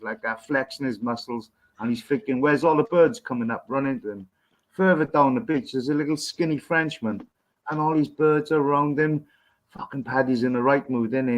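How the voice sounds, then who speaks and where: A man's voice: mid-range voice, low-quality recording. A man with an English accent, co-hosting a casual chat and telling rambling jokes, swearing freely. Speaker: podcast co-host. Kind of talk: casual pub-style banter, telling jokes.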